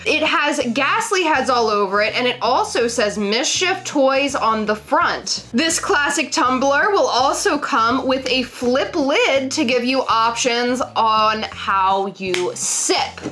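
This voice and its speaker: A woman's voice: sits high, pushed and bright, exaggerated voice. A woman putting on a stiff female newscaster voice to read a product announcement. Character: stiff female TV news anchor. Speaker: co-host. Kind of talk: mock newscaster voice.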